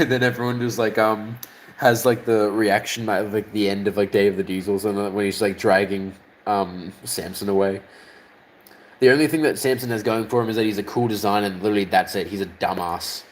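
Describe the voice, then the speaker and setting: A man's voice: on the low side, fairly even intonation, fairly quick, slight background noise, rough recording. An Australian man streaming casually, rambling, swearing often and chuckling as he chats with viewers. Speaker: livestreamer. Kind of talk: casual livestream chat.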